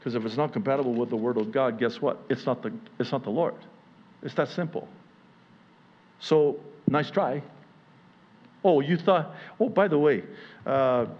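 A man's voice: mid-range voice, muffled recording. Impassioned male pastor preaching a sermon. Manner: impassioned, rises to near-yelling then settles conversational. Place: church service.

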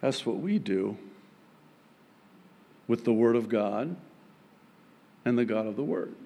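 A man preaching a sermon as pastor, with emphatic, raised high-pitched points broken by quiet, joking asides. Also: expressive, slow, creaky. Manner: humorous, self-deprecating asides.

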